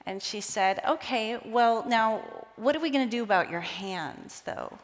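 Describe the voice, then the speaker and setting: A woman's voice: medium pitch, moderate pace. A woman giving a storytelling conference talk, acting out bits of dialogue as she goes. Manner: animated, acts out quoted dialogue. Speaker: conference speaker. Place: large conference hall. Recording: long hall reverb.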